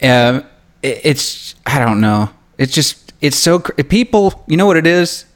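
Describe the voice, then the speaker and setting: A Southern American man and writer in casual conversation, halting and repeating himself, laughing often. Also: mid-range voice, lively intonation. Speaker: writer, podcast guest.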